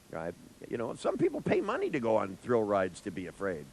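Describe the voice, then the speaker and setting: A man's voice: lowish voice, fairly quick, slight background noise, low-quality recording. A therapist giving a live seminar talk to an audience, joking and speaking straight to listeners as he explains. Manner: animated, joking, acts out dialogues with clients.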